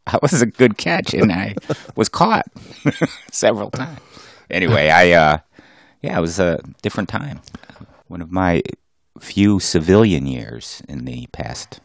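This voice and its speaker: A man's voice: deep voice, big pitch swings, measured pace, vocal fry, no echo, clean studio sound. A middle-aged man co-hosting a podcast, trading casual, self-mocking jokes with his co-host. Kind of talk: casual joking banter.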